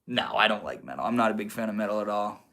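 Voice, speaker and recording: A man's voice: fairly low pitch, lively intonation, quick pace, bright, forceful tone. A man from Maine hosting a casual livestream, reading and answering chat comments in a laid-back, slangy way, calling viewers homie and bro. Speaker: livestream host.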